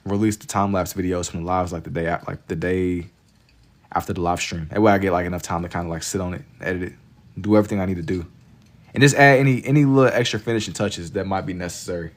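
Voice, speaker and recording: A young man with a very low voice talks loosely to his chat while he draws, slangy and relaxed. He streams from a home setup with casual banter. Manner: laid-back slangy banter with chat, frequent laughs. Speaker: livestream artist.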